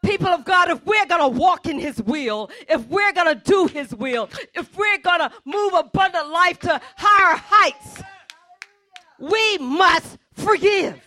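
A woman's voice: very high voice, expressive, measured pace. A woman pastor preaching an impassioned sermon in church, repeating her point with force. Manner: impassioned, repetitive preaching, often shouting.

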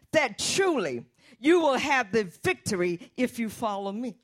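Slow, lively woman preaching. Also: fairly high pitch. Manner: fervent, calls on the Holy Spirit mid-sermon. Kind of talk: sermon.

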